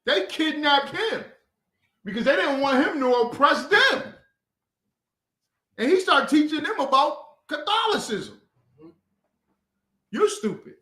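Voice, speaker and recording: A man leading an informal scripture class, talking in a mocking, animated, slangy way. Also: extremely high pitch, slow pace, long pauses. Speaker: class leader. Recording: echoey room.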